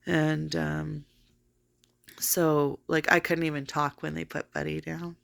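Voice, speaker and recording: A woman's voice: low voice, little pitch movement, slow pace, gravelly, a bit bright. A woman telling a long personal story in a casual vlog, rambling with many fillers. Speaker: vlogger.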